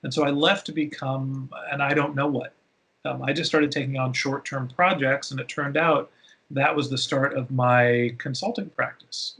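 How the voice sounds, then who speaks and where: A man who is a podcast guest, telling stories in a casual interview with lively, animated delivery. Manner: animated storyteller with big pitch jumps.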